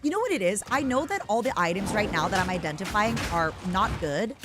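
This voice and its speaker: A woman streaming a video game, chatting in a playful, animated, rambling way. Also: medium pitch, fairly quick, over loud music. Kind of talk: casual gameplay chat.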